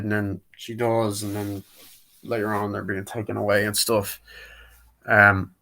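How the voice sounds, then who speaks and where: Rambling low-voiced man retelling a film. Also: flat delivery, unhurried, pushed and bright. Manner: rambling, retells scenes and acts out quotes in put-on voices. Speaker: movie reviewer. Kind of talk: casual spoken movie review.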